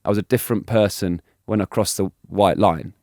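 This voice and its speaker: A man in his thirties telling animated stories as an interview guest, laughing and restarting often. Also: fairly low pitch, a little fast, no echo, clean studio sound. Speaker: guest, former cricketer. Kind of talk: casual storytelling interview.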